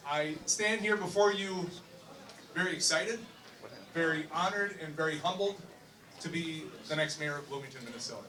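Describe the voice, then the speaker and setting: Middle-aged guy, earnest formal speech, kinda high bright voice, echoey hall. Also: moderate pace. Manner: earnest, formal, emphatic repetition. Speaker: mayor-elect giving acceptance speech. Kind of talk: public acceptance speech. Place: election night event room. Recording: echoey room, distant mic.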